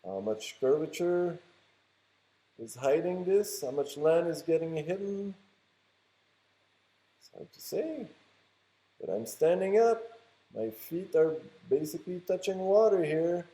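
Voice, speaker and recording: A man's voice: fairly high pitch, warm tone. A man with a French Canadian accent, narrating a casual video while filming on a beach, chatty and rambling with teasing asides. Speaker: vlogger. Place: outdoors on a beach by the water. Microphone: handheld camera mic.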